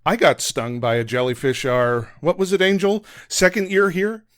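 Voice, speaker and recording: A man's voice: a little high, steady tone, moderate pace, no echo, voice pushed up, lightly acted. A man reading aloud who voices a chatty man explaining things at a resort lunch. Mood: offhand.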